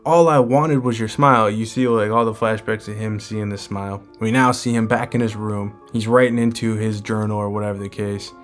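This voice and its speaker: A man hosting a manga chapter breakdown, retelling the story in a relaxed, conversational way. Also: fairly low pitch, brisk, few pauses, faint music behind. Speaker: manga chapter recap host. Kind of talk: casual comic chapter breakdown.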